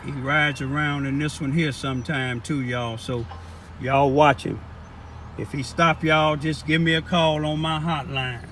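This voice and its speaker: A man's voice: a little high, steady tone, measured pace, background noise. A man giving an impassioned live political rant to his viewers, repeating himself and calling them y'all. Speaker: local political commentator.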